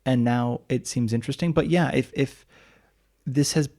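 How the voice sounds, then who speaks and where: A man's voice: medium pitch, moderate pace, warm tone. A man co-hosting a travel podcast, chatting casually and thinking aloud as he searches for words. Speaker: podcast co-host. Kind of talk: casual chat.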